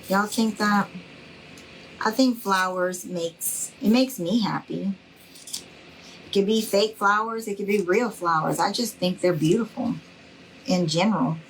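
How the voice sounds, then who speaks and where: A woman's voice: mid-range voice, a little hiss or hum, poor audio. A middle-aged woman hosting a craft livestream, chatting casually and folksily with her viewers and calling them y'all. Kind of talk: casual chat with live viewers.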